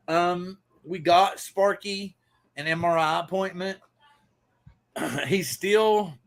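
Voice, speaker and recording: A man's voice: on the high side, a bit bright. A man hosting a casual live stream, rambling loosely and greeting viewers by name. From Pacific Northwest. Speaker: livestream host.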